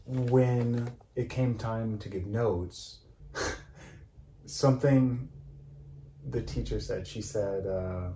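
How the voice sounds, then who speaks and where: A man's voice: lowish voice, steady tone, drawn-out words, pauses often, mellow, roomy sound, a little hiss or hum, low-quality recording. A man casually recapping an acting class at home, rambling with many fillers and restarts. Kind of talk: casual storytelling chat. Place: home room.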